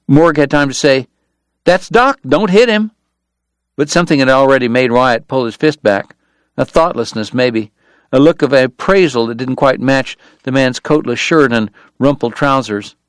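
A man giving measured, scripted audiobook narration of a western. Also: medium pitch, clear, resonant tone, dry recording.

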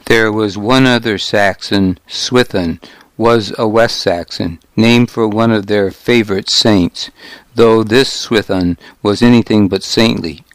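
A man reads a first-person historical novel aloud at a very unhurried pace, his voice pitched a little low. His delivery is measured and grave. The recording is close and dry, with no room sound. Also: fairly even intonation, no room sound. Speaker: audiobook narrator. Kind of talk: scripted first-person narration.

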